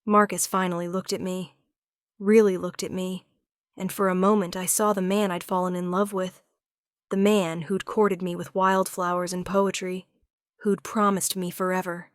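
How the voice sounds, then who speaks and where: A woman narrating a first-person romance audiobook in a measured, dramatic way on a close studio mic. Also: lowish voice, flat delivery, smooth, dry recording.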